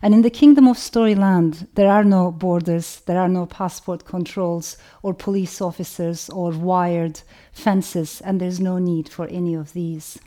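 Mellow-voiced woman, Turkish accent. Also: fairly low pitch, fairly even intonation. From Turkey. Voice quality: thoughtful, measured, builds long lists. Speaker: author. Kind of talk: reflective talk with a reading.

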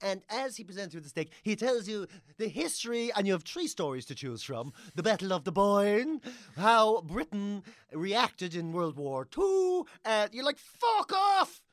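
An Irish woman in full comic rant, swearing freely and mimicking people she mocks. Her pitch leaps all over the place, and the sound is dry and close. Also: very animated, normal speed, few pauses, dry recording. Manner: sweary, ranting, mocking voices.

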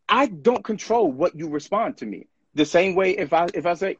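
A man speaks in an earnest, reflective way, with a husky grain to his voice. The sound is dry and a little dull. He often slips into quick voices to show what other people say. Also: high voice, lively intonation, no echo. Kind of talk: casual podcast conversation.

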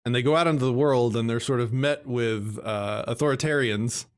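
Man, conversational, earnest, explaining, mid-pitched voice. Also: normal speed, clear, resonant tone. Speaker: parent guest. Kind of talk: casual conversation.

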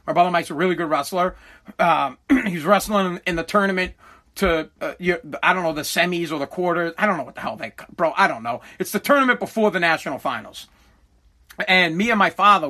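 A man's voice: on the high side, pushed and bright. A middle-aged man from Massachusetts, a podcast host, telling a candid personal story in a rambling, profane way, full of self-corrections and heavy with regret.

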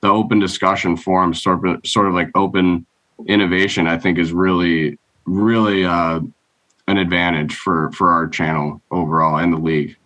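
A man with a notably deep voice co-hosts a laid-back podcast. He agrees readily and talks in a measured way, stopping now and then to hunt for a word. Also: flat delivery, a bit bright, rough recording. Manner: measured, agreeable, searching for words. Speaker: podcast co-host. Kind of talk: casual podcast chat.

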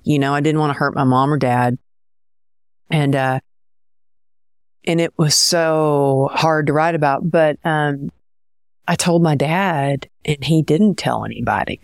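A woman's voice: rumbling low, vocal fry, dry recording, clean studio sound. A woman guest in an interview, speaking candidly and emotionally about her past. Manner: candid, soft-spoken, emotional. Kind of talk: personal interview storytelling.

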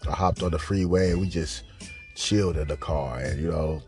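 A man's voice: extremely low pitch, moderate pace, music in the background. A man hosting a podcast, telling a loose, rambling story full of slang fillers and asides to listeners. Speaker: podcast host. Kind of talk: casual profane storytelling.

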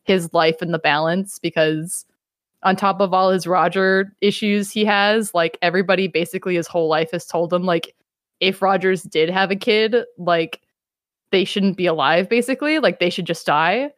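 A woman hosting a casual podcast chat, animated and swearing freely, acting out quotes as she talks. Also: on the low side, normal speed, dry recording, clean studio sound. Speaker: podcast host.

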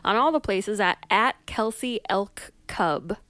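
A woman guest on a casual podcast, quick and friendly. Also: medium pitch, fairly bright tone, no room sound.

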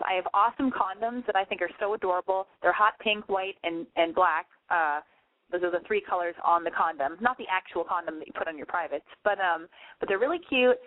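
A woman's voice: medium pitch, dry recording. A woman hosting a casual talk show, rambling frankly and swearing as she asks listeners questions. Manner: chatty, rambling, frank and profane. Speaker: podcast host. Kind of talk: casual confessional monologue. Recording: tinny phone-line sound, dry.

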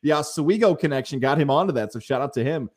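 A man's voice: fairly high pitch, animated, fast, darkish tone. A man co-hosting a sports podcast, talking casually and acting out people in his stories.

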